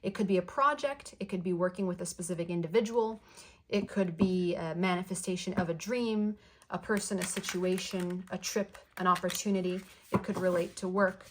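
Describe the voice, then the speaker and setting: A woman giving a channeled tarot card reading in a soft, flowing way, affirming the listener and repeating phrases. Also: on the low side, fairly even intonation, moderate pace, a little hiss or hum. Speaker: tarot reader.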